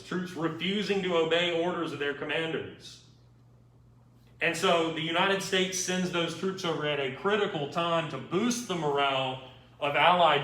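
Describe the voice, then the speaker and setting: Guy teaching history, chatty and wry, bright voice, echoey room. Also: fairly high pitch. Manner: informal, wry, checks in with students. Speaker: history lecturer. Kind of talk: conversational classroom lecture. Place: classroom. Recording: echoey room, mic far off.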